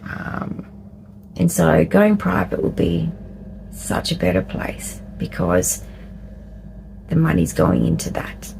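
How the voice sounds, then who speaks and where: A middle-aged Australian woman vlogging candidly, rambling and laughing often, sometimes dropping into a soft whisper. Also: low voice, big pitch swings, slow pace, gravelly, long pauses, a little hiss or hum, poor audio. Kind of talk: candid personal vlog talk.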